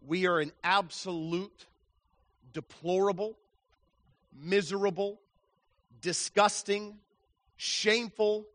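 Slow, bright-voiced impassioned male preacher. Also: high voice, no room sound. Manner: impassioned, swings from hushed to loud; lists words in slow emphatic runs. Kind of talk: evangelistic sermon.

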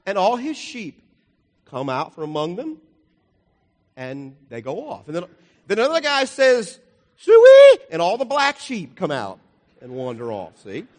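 A man's voice: on the high side, huge pitch swings, unhurried, long pauses. An older man preaching a folksy, rambling sermon, explaining slides with jokes and asides. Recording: long hall reverb.

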